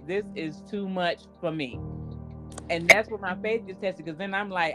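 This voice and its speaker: Woman podcast co-host, animated and joking, soft guitar bed underneath. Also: fairly low pitch, moderate pace. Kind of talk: casual faith conversation.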